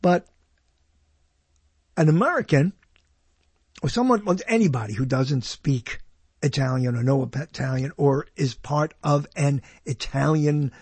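A man's voice: a little high, lively intonation, measured pace, pauses often, darkish tone, breathy edge, no room sound. A man hosting a radio show, rambling casually and laughing at himself as he goes.

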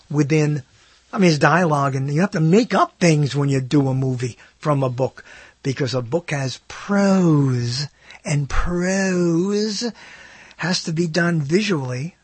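A man's voice: on the high side, husky, no echo. A man hosting his own talk show, rambling through a casual monologue with many self-interruptions and wry asides. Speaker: host.

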